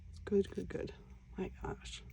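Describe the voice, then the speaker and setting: A woman hosting a casual crafting vlog, talking quietly to herself as she works. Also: measured pace. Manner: quiet, mutters to herself while working. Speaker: crafting channel host.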